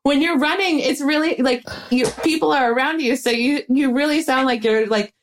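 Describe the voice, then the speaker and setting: A woman's voice: high voice, moderate pace, slight background noise. A woman from the United States, a voice-actress guest chatting casually in a bubbly, talkative way with laughs between phrases. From Western Massachusetts, US. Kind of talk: casual chat.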